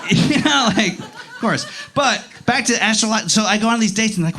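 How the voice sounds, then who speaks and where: A man doing a profane, animated stand-up set with crowd work, recorded live on a handheld mic in a comedy club. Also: sits high, moderate pace, slight background noise. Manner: profane, animated, laughing through lines.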